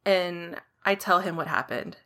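Bright-voiced woman telling a story. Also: on the low side, a little slow. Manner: animated, acts out quoted dialogue. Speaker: podcast co-host. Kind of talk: casual storytelling chat.

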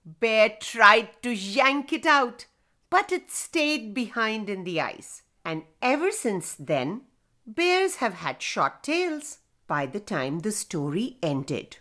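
A woman narrating a folk tale for children, slow and expressive, speaking directly to the young listeners. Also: mid-range voice. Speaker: storyteller.

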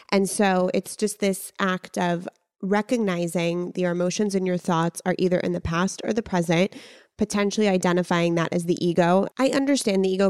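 A woman's voice: lowish voice, a little mellow, clear, resonant tone, no room sound, clean studio sound. A woman hosting a casual interview, thinking aloud in an earnest, reflective way about her business. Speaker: podcast host and business owner.

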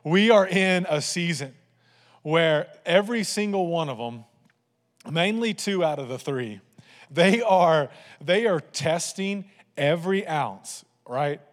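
Man, pastor, fairly high voice, animated humorous sermon, long hall reverb. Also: takes it slowly. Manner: animated, humorous storytelling to a congregation. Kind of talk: sermon with personal stories.

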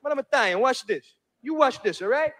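A man's voice: very high-pitched, animated, pushed and bright, full character voice. A man voicing a brash, profane Italian-American moviegoer in a stand-up comedy bit. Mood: swaggering. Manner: swaggering, profane, quick to pick fights.

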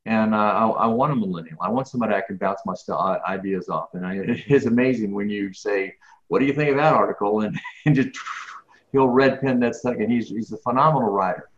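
A middle-aged man appears as a guest in a conversational interview, speaking emphatically with lots of restarts and repeated words. His voice is on the low side and fairly quick, and the recording sounds echoey, dull and lo-fi.

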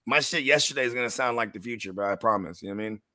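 A middle-aged man co-hosting a fantasy football show, talking in casual slang and telling animated stories. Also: mid-range voice, racing, no echo. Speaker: podcast co-host. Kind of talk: casual chat.

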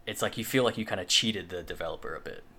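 Low-voiced man rambling in casual chat. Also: fast, pushed and bright. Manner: rambling, filler-heavy, swears casually. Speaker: podcast co-host.

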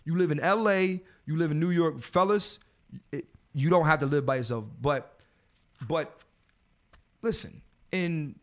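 A man in his thirties holds forth on his podcast, his voice sitting a little high. He swears casually, laughs a lot, and slips into loud rants aimed at his male listeners. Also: unhurried, pauses often. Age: 30s. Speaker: podcast host. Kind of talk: casual chat.

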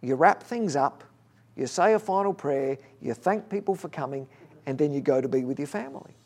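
A man preaching a conversational sermon, telling stories with lively restarts. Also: fairly high pitch, normal speed. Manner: conversational, animated storytelling with restarts. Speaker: pastor.

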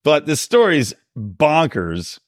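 Animated, laughing male podcast host. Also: a little high, slow, dry recording, studio quality. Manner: laughs often, animated storytelling, jokey. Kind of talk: casual comedic chat.

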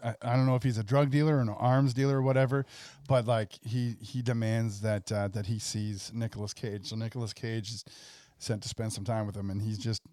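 A man co-hosting a casual podcast, talking in a relaxed, low-key way. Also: a little fast, no echo, clean studio sound. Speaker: podcast co-host.

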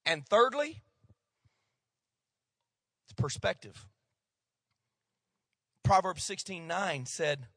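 A male pastor preaching a sermon, swinging between loud emphatic lines and hushed asides. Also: high voice, big pitch swings, extremely slow, pauses often, dry recording, studio quality.

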